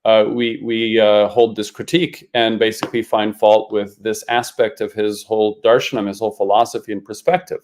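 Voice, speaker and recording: A man's voice: fairly low pitch, level tone, brisk, few pauses, a little mellow, a little hiss or hum. A man co-hosting a podcast, thinking aloud in a reflective, hedging way. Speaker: podcast co-host. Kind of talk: casual chat.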